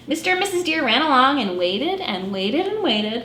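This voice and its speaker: A woman children's librarian reading a picture book aloud at storytime in an animated, expressive way. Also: high-pitched, normal speed, few pauses, some chatter behind. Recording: echoey room with faint noise.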